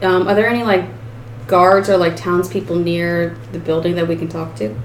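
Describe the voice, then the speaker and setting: A woman's voice: lowish voice, little pitch movement, moderate pace, roomy sound, a little hiss or hum, rough recording. A woman playing a tabletop game, chatty and hesitant with many fillers. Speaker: player. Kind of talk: casual tabletop play.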